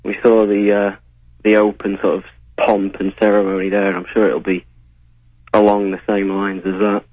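A man's voice: fairly low pitch, level tone, moderate pace, no room sound, phone-quality sound. A man answering questions as a guest on a radio talk show, hesitant and wry in his replies. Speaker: guest commentator.

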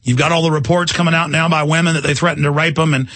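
A man's voice: fairly high pitch, steady tone, quick pace, fairly bright tone, dry recording. A man hosting a talk radio show, rambling and indignant in an emphatic monologue from a studio.

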